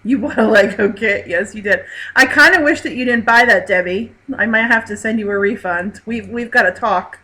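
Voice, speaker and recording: A woman hosts a casual live stream hangout, reading viewer messages aloud and laughing often. Her slightly high voice sounds pushed and bright at a normal speed, and the audio quality is poor.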